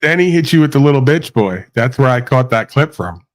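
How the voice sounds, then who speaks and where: A man's voice: medium pitch, lively intonation, brisk. Man, stream host, boastful, rambling, mocking, casual crude banter.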